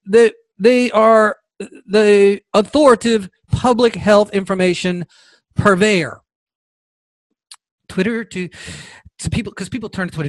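Sarcastic high-voiced male podcast host. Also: no room sound. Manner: sarcastic, combative. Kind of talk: opinionated political commentary.

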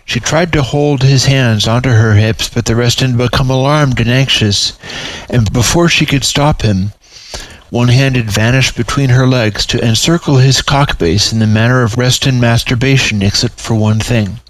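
A man reading aloud his own story in a measured, even storytelling manner. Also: mid-range voice, no echo, rough recording.

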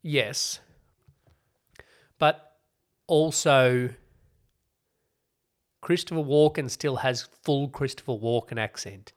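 A man's voice: mid-range voice, slow pace, long pauses. Chatty man reviewing TV. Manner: chatty, explaining at length with wry asides. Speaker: podcast co-host. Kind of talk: casual chat reviewing TV shows.

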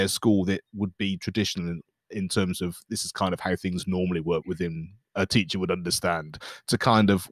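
A man's voice: low voice, no room sound, studio quality. A man hosting a conversation, reflecting at length and asking long, searching questions with many hesitations and restarts. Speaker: podcast host. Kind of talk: casual conversational interview.

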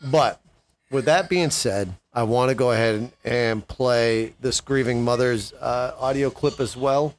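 A man's voice: mid-range voice, a little slow. Guy ranting on his politics show, fired up, asks the audience questions over and over. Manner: impassioned, rising to indignant questions. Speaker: political commentary host. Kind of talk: opinion commentary monologue.

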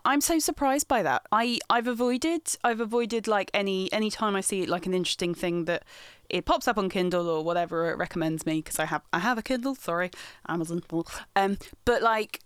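A young woman talking casually on a podcast, her voice smooth and clear. It sounds close and dry, with no room around it. She rambles through restarts and fillers and laughs easily. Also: mid-range voice, a little fast, dry recording. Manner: chatty, giggly, lots of restarts and fillers. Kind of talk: casual chat.

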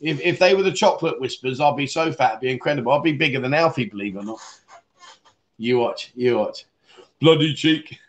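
A man's voice: medium pitch, brisk. A man hosting a casual livestream and reading out viewer comments, rambling, laughing often and calling viewers mate. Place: Pattaya, Thailand.

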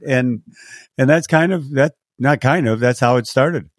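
A man's voice: medium pitch, normal speed, dry recording, studio quality. An older man from San Diego, a race announcer, telling stories in an interview and acting out quotes with a lifted voice. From San Diego, California. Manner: animated, acts out quotes with lifted voice. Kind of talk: storytelling interview answers.

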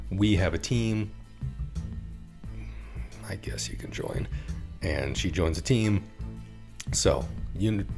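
A man co-hosting a movie review podcast, recapping a plot in a joking, profane, rambling way. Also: deep voice. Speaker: podcast co-host. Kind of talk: casual movie review chat.

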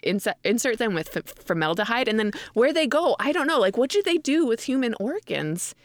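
A woman's voice: a little high, very animated, brisk, no room sound. A young adult woman co-hosting a podcast, telling a rambling story in casual chat with frequent laughs. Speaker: podcast co-host.

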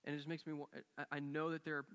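A man's voice: a little high, completely flat delivery, rapid-fire, a bit bright, clear, resonant tone, in a large hall. A man preaching a sermon as a pastor, telling a story earnestly and acting out the quoted dialogue with rising and falling intensity. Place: church sanctuary.

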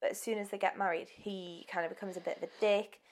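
A woman's voice: mid-range voice, fairly even intonation, fast talker. A woman co-hosting a casual true-crime podcast, telling the story in a chatty, giggly way with many ums. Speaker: podcast co-host.

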